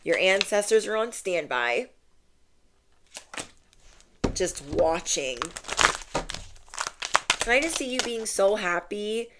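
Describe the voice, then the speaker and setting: A woman's voice: mid-range voice, expressive, slow pace, pauses often, background noise. A young woman giving a casual spiritual tarot reading and talking to viewers in a chatty, emphatic way. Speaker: tarot reader.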